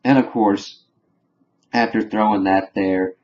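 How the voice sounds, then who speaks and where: A fairly low-pitched young man chatting through a spoiler review of a TV episode. He retells each scene loosely and slips into paraphrased dialogue. The recording sounds dull and lo-fi. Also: steady tone, slow, a little mellow.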